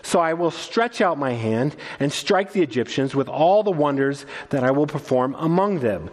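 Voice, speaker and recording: A man's voice: fairly high pitch, lively intonation, normal speed, long reverb tail. A male pastor preaching a sermon, earnest and conversational, often restarting his phrases. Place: church sanctuary.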